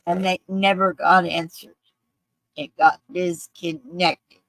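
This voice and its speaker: A speaker retelling a personal story in a slow, deliberate way. The voice is mid-pitched and earnest. The recording is dry and close, with no room sound. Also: level tone, a bit bright, no echo, poor audio.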